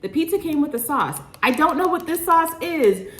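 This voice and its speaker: A young woman vlogging at home, gushing with excitement over takeout food and sometimes talking with her mouth full. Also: high-pitched, moderate pace, hardly any pauses, roomy sound. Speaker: lifestyle vlogger. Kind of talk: casual food review to camera. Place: at home, indoors.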